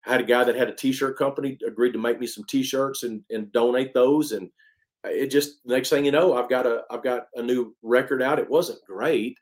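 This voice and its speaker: A man tells his story to an interviewer with real energy, leaning hard on key words and restarting his sentences. His voice sits at an ordinary middle pitch for a man. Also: normal speed. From East Texas. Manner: animated, emphatic storyteller with many restarts. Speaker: interview guest, country singer. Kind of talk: casual storytelling.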